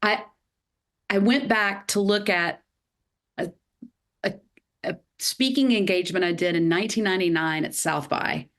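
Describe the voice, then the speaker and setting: A woman in her fifties with a Southern US accent, a podcast guest telling her career story in a lively way with many fillers. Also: mid-range voice, moderate pace, long pauses. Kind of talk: podcast interview.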